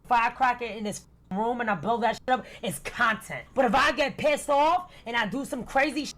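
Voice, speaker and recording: A woman's voice: on the high side, moderate pace, a bit bright. A woman ranting in a commentary video, using slang and mocking impressions of other people. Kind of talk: animated commentary rant.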